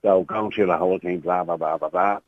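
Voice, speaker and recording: A man's voice: low voice, steady tone, brisk, dry recording. Older Irish man telling a tale by phone. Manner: rambling anecdotal storyteller, acts out voices. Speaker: caller. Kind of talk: phone-in storytelling. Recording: muffled phone line.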